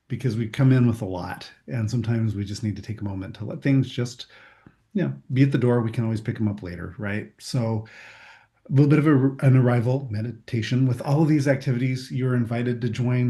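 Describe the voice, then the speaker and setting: A man leading a group through a guided meditation, calm and gently reassuring. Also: medium pitch. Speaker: meditation instructor. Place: room with a group.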